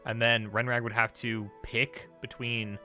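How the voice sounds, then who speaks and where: A man casting a card game tournament, breaking down plays quickly and thinking out loud. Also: mid-range voice, level tone, soft background music. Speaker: esports caster. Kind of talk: live tournament commentary.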